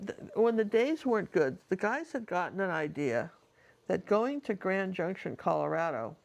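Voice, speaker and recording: A woman's voice: lowish voice, vocal fry, a little mellow. A woman, a painting teacher, casually telling a personal story in a chatty, rambling way with lots of asides.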